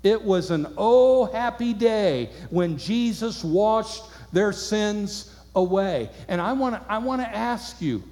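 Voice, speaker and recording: A man's voice: sits high, lively intonation, takes it slowly, hardly any pauses, darkish tone. A man preaching a sermon, reading scripture aloud and asking his listeners earnest rhetorical questions. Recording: long hall reverb.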